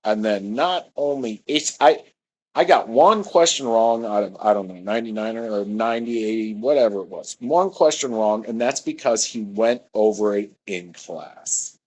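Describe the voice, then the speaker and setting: A man's voice: fairly low pitch, normal speed, rough recording. Man rambling through a personal story. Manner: meandering, self-correcting.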